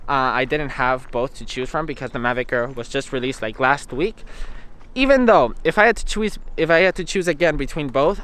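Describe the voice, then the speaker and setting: A man's voice: a little high, a bit bright, clean tone. A young man in a casual tech vlog review, chatty and filling his talk with "basically". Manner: chatty, says "basically" a lot. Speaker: tech vlogger.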